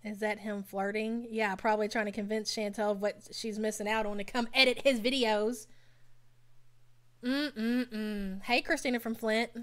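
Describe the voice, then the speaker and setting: A woman's voice: medium pitch, steady tone, moderate pace. A woman hosting a live stream, giving blunt, sassy commentary and talking back to her chat. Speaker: live stream host reacting to a reality show.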